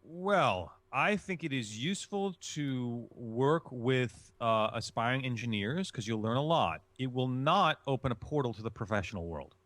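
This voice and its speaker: Male interview guest, animated delivery, dry close sound, emphatic teacher manner. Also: medium pitch, normal speed, few pauses, no echo. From Chicago. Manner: emphatic, explanatory, repeats key phrases. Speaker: voice-acting guest. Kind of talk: instructive interview answers.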